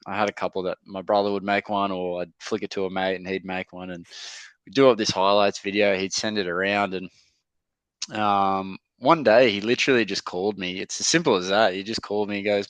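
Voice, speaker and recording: Young bloke, podcast guest, low and smooth, relaxed yarn-spinner with plenty of "um"s, dry close mic. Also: male voice, brisk, no echo. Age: young adult. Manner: laid-back, chatty, lots of fillers and mates' slang. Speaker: podcast guest, rugby league player. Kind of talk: casual interview storytelling.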